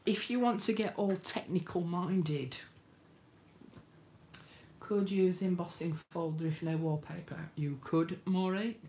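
A woman's voice: deep voice, darkish tone, slight background noise. A woman hosting a live craft demonstration, chatting homely and greeting viewers by name. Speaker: craft tutorial host.

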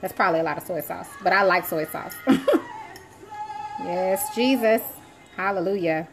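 A woman hosting a live cooking stream, chatting casually with her viewers and breaking into joyful shouts of praise. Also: fairly low pitch, normal speed. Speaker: cooking show host. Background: gospel music playing.

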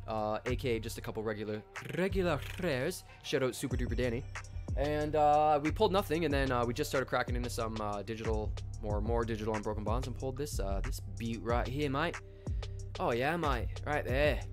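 Hyped young Canadian streamer man. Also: mid-range voice. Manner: hyped, slangy, shouts out chat viewers by name. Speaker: livestream host. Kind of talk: casual live stream chat.

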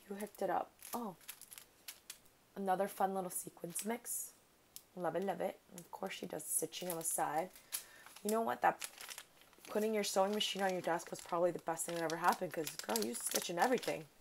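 A woman's voice: lowish voice, slight background noise. A woman vlogger chatting casually while opening a craft mail package, gushing over each item and talking to the sender. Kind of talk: casual unboxing chat.

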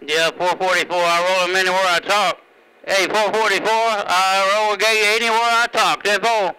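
Bright high-voiced man on CB radio. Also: fairly even intonation, normal speed, clean tone, rough recording. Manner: easygoing, signs off with "Tempo". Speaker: CB radio operator. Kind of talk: CB radio chat. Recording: radio transmission.

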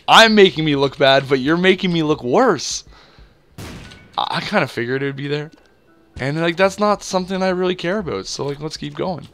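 A man's voice: medium pitch, a bit bright. A young man from Canada rambling through casual gameplay commentary, full of fillers and self-deprecating asides. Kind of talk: casual let's-play commentary.

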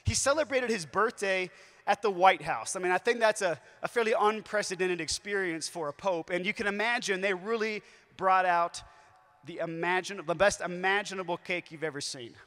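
A man speaks to a youth conference, telling stories with lively, shifting emphasis. His voice sits high for a man. Long reverb from the large hall trails each phrase. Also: normal speed.

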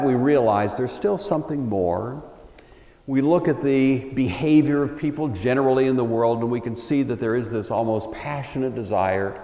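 A man's voice: medium pitch, dark tone, lo-fi sound. A man giving a Bible lecture in a conversational, thoughtful way, with frequent "uh" fillers, in a lecture hall. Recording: roomy hall with long echo.

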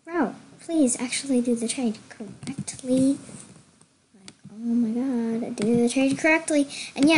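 A young woman chatting excitedly through casual gameplay commentary, gushing and chatty. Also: fairly high pitch, slight background noise. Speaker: gamer.

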